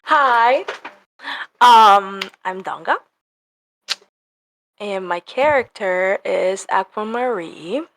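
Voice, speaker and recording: Very slow, shy young woman. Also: mid-range voice, lively intonation, fairly bright tone. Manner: shy, nervous. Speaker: player. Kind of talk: casual chat.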